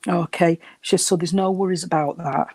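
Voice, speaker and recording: Guy doing a medium reading, soft and reassuring, a bit out of breath, dry sound. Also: high-pitched, steady tone, fairly quick, husky, no echo. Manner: gentle, reassuring, calls people sweetheart. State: short of breath. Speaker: spiritualist medium. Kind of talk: giving a reading at a service.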